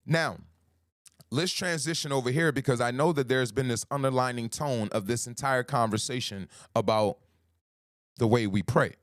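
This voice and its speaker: Male life coach on a livestream, mid pitch, dry close mic, slow, emphatic and repetitive. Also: no room sound. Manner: slow, emphatic, repeats key phrases; greets viewers by username. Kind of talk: motivational livestream talk.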